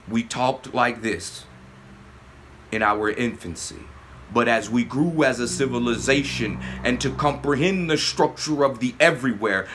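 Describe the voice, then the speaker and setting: A man hosting his own channel, giving a spiritual monologue, often asking "yes?", swinging between loud emphatic bursts and low murmurs. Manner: slow, repeating "yes?" often. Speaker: channel host.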